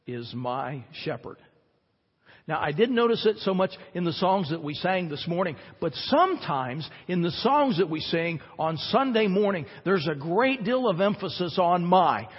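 Man, pastor, sermon, husky voice, dull recording, long church reverb. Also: sits high. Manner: conversational preaching with emphatic repetition. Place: church sanctuary.

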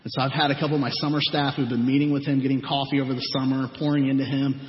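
A man's voice: medium pitch, flat delivery, very fast. A man who leads a youth ministry, earnestly telling stories about the young people he mentors and acting out what they said. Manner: earnest storytelling, acts out quoted people. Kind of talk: testimony talk to a gathering. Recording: echoey hall, dull lo-fi sound.

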